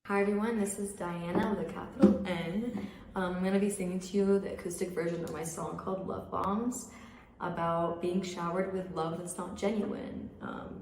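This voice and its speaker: A young woman singer, soft-spoken and a bit nervous, casually introducing her acoustic song. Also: lowish voice, a little hiss or hum. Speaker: singer-songwriter. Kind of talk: casual intro before a live acoustic set. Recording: roomy, distant mic, loud guitar behind. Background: acoustic guitar.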